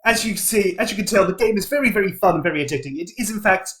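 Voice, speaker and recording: A man's voice: high voice, fast talker, a bit bright, voice pushed up. A man voicing a smug, scheming male villain who gloats mock-formally in comedic tabletop role-play. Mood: gloating.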